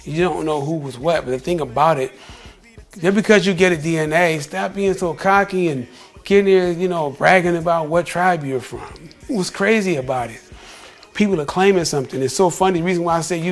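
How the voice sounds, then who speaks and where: A man's voice: fairly high pitch, brisk, soft background music. An American man in a casual vlog, talking emphatically to the listener, often repeating himself and calling them "bro". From United States. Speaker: vlogger. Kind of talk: casual opinion talk to camera.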